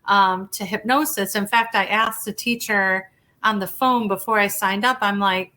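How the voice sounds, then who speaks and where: A woman hypnotherapist talks through her story in a relaxed interview. Her voice is bright and a touch sharp, sitting at an ordinary middle pitch. She talks chattily, restarts her sentences and acts out the back-and-forth she quotes. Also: moderate pace.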